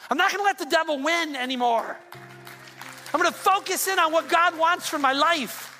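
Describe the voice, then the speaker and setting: A man preaches a sermon in a strikingly high, bright voice. He hammers his points through fervent repetition, and soft music plays faintly behind him. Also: normal speed, pauses often. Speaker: pastor.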